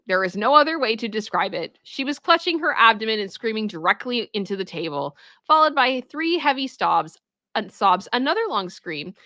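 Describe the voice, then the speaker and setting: A woman streams herself reading a story aloud for the first time. She keeps breaking in with animated, exclaiming reactions. Her voice is bright and forceful, and the sound is dry and close. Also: medium pitch, no room sound. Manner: animated, exclaiming reactions between read passages.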